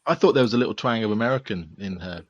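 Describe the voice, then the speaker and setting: A man hosting an interview, asking curious prompting questions in a relaxed way. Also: fairly low pitch, fast talker, no room sound, lo-fi sound. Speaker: interview host.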